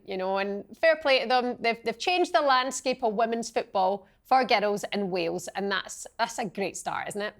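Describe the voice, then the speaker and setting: A woman hosting a casual football chat, lively and expressive. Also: high voice. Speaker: podcast host.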